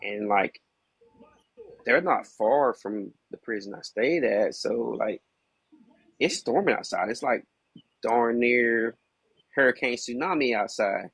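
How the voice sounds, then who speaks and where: A man's voice: mid-range voice, animated, slow, vocal fry, pauses often, a bit bright, husky, no room sound. A man guesting on a podcast, casually and candidly telling a hard personal story, peppered with "you know what I mean.".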